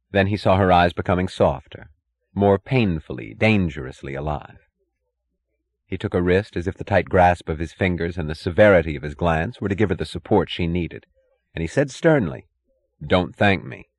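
A man narrating a novel as an audiobook, with a measured, even reading. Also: low voice, no room sound.

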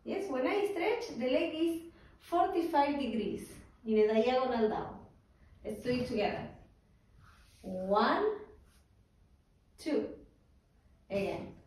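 Slow, calm woman teaching tango. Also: high-pitched. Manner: calm, counts out beats, checks in with "yes?". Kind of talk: slow spoken dance class instruction. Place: dance studio. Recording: roomy, distant studio sound with faint noise.

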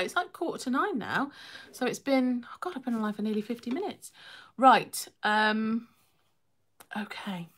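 A woman's voice: a little high, fairly bright tone. A young woman hosting a casual live stream, chatting and reading comments, laughing often and poking fun at herself.

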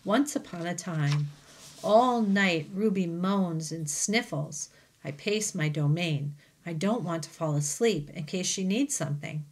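A woman teacher reading a children's novel aloud to her class, with gentle, chatty asides between passages. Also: on the low side, measured pace. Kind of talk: storybook read-aloud.

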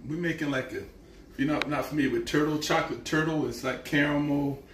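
A man's voice: fairly high pitch, steady tone, quick pace, background noise. Southern guy cooking live, folksy and playful, sounds a bit far from the mic in a roomy kitchen. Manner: folksy, playful, drawling talk with y'all. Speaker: cooking show host. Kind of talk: casual live cooking stream. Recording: echoey room, mic at a distance.

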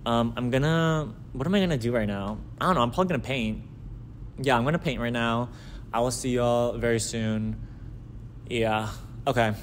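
A young man talks casually and playfully while hosting a vlog in an art studio. His voice sits at an ordinary middle pitch. A faint room ambience sits behind him. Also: normal speed, slight background noise. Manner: chatty, playful interviewer, lots of "like". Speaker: vlog host, art student. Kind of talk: casual chat.

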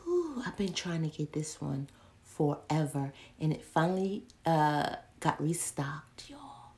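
A woman's voice: sits low, expressive, a little slow, warm tone. A young woman, chatting casually through a candle haul, playful and often dropping into whispers as she talks to herself. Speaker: vlogger reviewing candles. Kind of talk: casual haul video chat.

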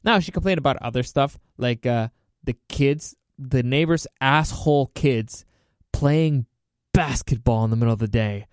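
A man's voice: mid-range voice, normal speed, dry recording, studio quality. A man hosting a solo podcast, ranting sarcastically with plenty of swearing and laughter. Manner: sarcastic, profane, mocking; animated, laughs often. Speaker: podcast host.

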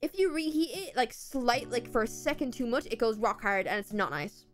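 A woman's voice: a little high, lively intonation, moderate pace. A young Irish woman chatting casually while streaming a game, rambling along with playful asides. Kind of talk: casual chat while gaming.

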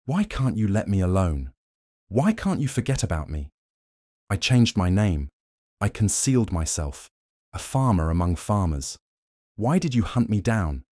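A man's voice: fairly low pitch, very animated, measured pace, no echo, studio quality. A man voicing Jim Simpson, defiant android. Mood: pleading. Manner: pleading, then shouting in anger. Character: proud defiant android man, forty, bitter and desperate.

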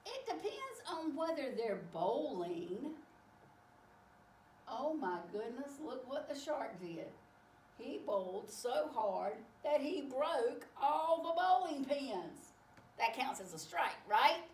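Animated woman reading a picture book aloud. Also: high-pitched, slight background noise. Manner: animated, exclaiming, slow and warm-paced. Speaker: storyteller. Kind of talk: children's read-aloud. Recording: echoey room, far from mic.

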